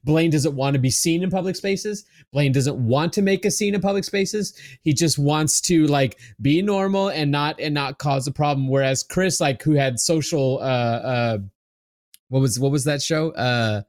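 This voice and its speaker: A man's voice: on the high side, moderate pace, a little mellow. A man telling a long anecdote on a podcast, full of fillers and restarts. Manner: rambling anecdote with frequent fillers. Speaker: podcast regular. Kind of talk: casual chat.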